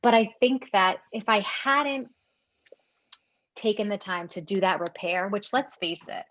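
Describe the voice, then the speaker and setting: A woman parenting coach giving gentle, earnest advice as a guest, often repeating words as she thinks. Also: mid-range voice, animated, unhurried, dry recording. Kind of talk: reflective advice-giving conversation. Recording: dry, dull lo-fi call audio.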